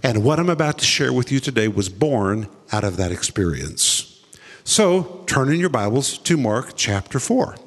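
A male preacher telling a story in a sermon, dramatic, dropping to deep low tones for quoted lines. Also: very animated, moderate pace, long reverb tail.

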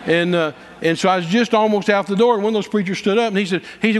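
Male preacher, high voice, folksy dramatic storyteller, reverberant hall. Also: fast, few pauses. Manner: folksy, dramatic, shouts quoted lines, repeats words. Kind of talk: storytelling sermon.

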